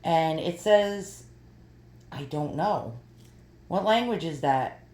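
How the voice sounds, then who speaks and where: A woman's voice: deep voice, lively intonation, takes it slowly, darkish tone, reverberant. A woman in her fifties chatting casually as she shows items from an online haul, thinking aloud while she peers at small print. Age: 50s. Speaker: vlogger showing an online haul.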